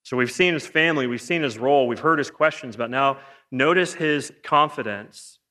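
A man preaching a sermon in a lively, joking way, firing off rhetorical questions. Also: medium pitch, moderate pace. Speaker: pastor. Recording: long hall reverb.

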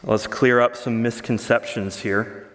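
A male pastor preaching a sermon, earnest and emphatic, rushing through asides and slowing down to stress key words. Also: mid-range voice, fairly even intonation, fairly bright tone. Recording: long hall reverb.

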